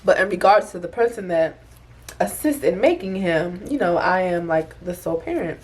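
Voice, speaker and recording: A woman's voice: fairly low pitch, animated, moderate pace, breathy edge. A young woman, a single mother, talking candidly in a casual confessional vlog, rambling and conversational. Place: bedroom at home with open window.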